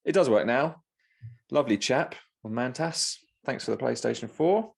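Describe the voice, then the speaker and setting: A man co-hosting a podcast, telling an anecdote in lively casual chat and laughing often. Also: medium pitch, normal speed, gravelly. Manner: lively anecdote teller, laughs often, acts out quoted voices. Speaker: podcast co-host.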